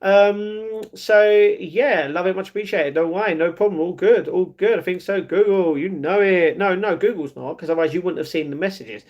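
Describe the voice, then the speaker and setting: London guy, young, high voice, easygoing livestream host reading chat. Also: moderate pace, hardly any pauses, a little mellow, highs cut off. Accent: London English. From England. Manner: chatty, reads comments aloud and answers them. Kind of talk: casual live chat.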